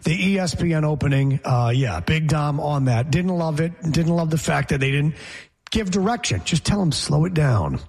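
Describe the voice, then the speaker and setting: A man with a slightly raised, husky voice co-hosts a casual sports talk show. He riffs loosely and drifts into sarcastic asides, now and then mocking how other people talk. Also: fairly high pitch, moderate pace, a little mellow. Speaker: co-host.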